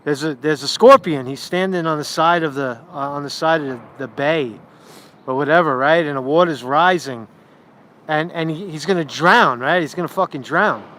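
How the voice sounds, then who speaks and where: A man hosting a casual livestream vlog outdoors in a city park, who talks in a rambling, profane, animated way into a handheld phone. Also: on the high side, moderate pace. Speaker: street reporter and livestream host.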